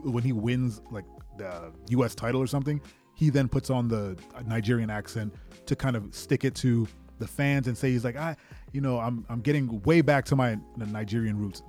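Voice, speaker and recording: A man hosts a casual wrestling talk show with a mellow, relaxed tone at a mid pitch. He rambles and thinks aloud, circling his points with plenty of "like"s, while faint music plays underneath. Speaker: wrestling podcast host. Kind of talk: casual commentary monologue.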